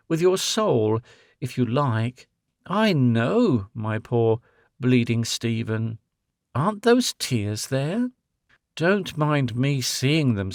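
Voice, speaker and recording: A man voicing a grown woman who is tender, sorrowful and resolute, speaking with soft pleading. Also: mid-range voice, no echo, clean studio sound.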